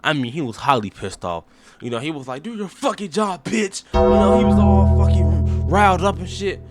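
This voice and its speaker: A man's voice: fairly high pitch, brisk, over loud music. A man hosting a comic sports breakdown, rambling and profane in a mock-serious way. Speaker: host.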